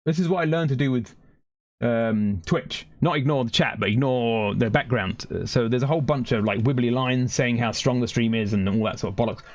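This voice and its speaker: On a dry recording, a man with a medium-pitched voice and London English accent talks briskly to his viewers. He is a British game streamer, rambling casually between topics as he plays live.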